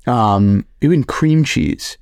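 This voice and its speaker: A young man co-hosting a podcast, telling animated stories in casual, profane chat. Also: medium pitch, takes it slowly, clean tone, no echo, clean studio sound. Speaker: podcast co-host.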